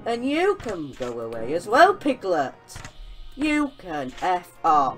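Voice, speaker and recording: A young woman commenting on a horror game she is playing, excitable and often yelling at the characters on screen. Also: deep voice, measured pace, faint music behind. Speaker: gaming channel host. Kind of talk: let's-play commentary.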